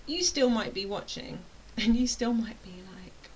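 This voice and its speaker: A woman's voice: a little high, a little slow, darkish tone, a little hiss or hum, low-quality recording. A British woman teaching an online course, talking casually in a rambling, playful way that keeps interrupting itself. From United Kingdom. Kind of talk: casual chatty explainer.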